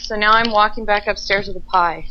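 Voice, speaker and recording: A woman's voice: mid-range voice, steady tone, brisk, crowd noise. A woman calling in from her laptop, rambling casually with a few laughs. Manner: rambling, laughs between thoughts. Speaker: podcast guest on a video call. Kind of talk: casual chat. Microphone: laptop mic over internet call. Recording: dull lo-fi laptop call audio.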